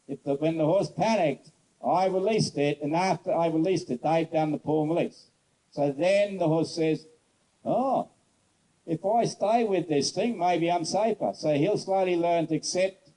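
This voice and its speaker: A man horse trainer giving a casual outdoor demonstration, telling stories bluntly and coaxing a horse softly. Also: on the high side, rough recording. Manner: casual, rambling, blunt storyteller; soft coaxing talk to the horse. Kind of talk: demonstration lesson with storytelling.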